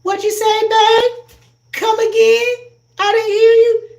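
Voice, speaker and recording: A man voicing a hard-of-hearing churchgoing mother who shouts back in a squawking falsetto, recorded in an echoey room. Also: level tone, takes it slowly, vocal fry, full character voice. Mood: bewildered.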